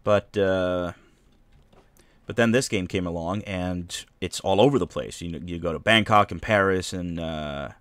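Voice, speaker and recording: Low-voiced man rambling over gameplay. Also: unhurried, fairly bright tone, clean tone, dry recording. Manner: rambling, joking asides. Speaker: streamer. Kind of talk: casual gameplay commentary.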